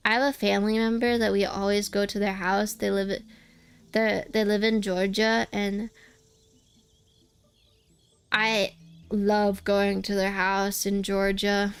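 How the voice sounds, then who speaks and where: Chatty young woman with a gravelly edge. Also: mid-range voice. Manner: rambling, chatty, restarts often. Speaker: VTuber streamer. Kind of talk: casual chat while streaming a game.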